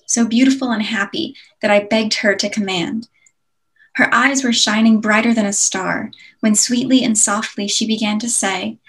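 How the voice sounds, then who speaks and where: Woman reading Virgil, a dignified ghost guide; loud, slow verse declaiming, higher register. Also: close to an everyday voice, low-quality recording.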